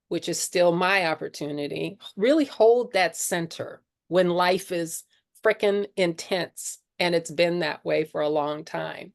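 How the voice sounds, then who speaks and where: A middle-aged woman leading a spiritual discussion group, sharing her own story in an earnest, conversational way with many "you know"s. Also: fairly low pitch. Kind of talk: candid personal sharing talk.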